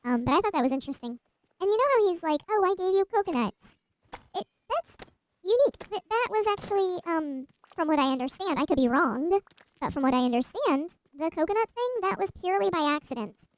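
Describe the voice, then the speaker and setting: A woman's voice: high voice, expressive, quick pace, rough recording. A woman streamer casually retelling a myth while gaming, rambling with asides and restarts.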